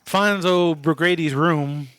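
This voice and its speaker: A man's voice: on the high side, slow pace, a bit bright, clean tone, dry recording, clean studio sound. A man co-hosting a movie podcast, casually recapping scenes and sharing trivia, with some swearing. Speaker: podcast co-host.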